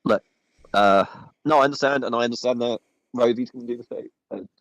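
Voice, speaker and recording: A man's voice: mid-range voice, moderate pace, fairly bright tone, dry recording. A man on a voice call apologizing, hesitant and sighing, swearing now and then. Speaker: voice call participant.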